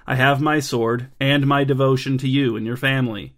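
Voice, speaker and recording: A man's voice: medium pitch, steady tone, normal speed, natural voice. A loyal, stubborn lord, voiced by a man reading a bedtime story, pushes back again and again. The voice is a little stuffy from a head cold. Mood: insistent. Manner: insistent. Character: stubborn, devoted male lord, old friend of the king.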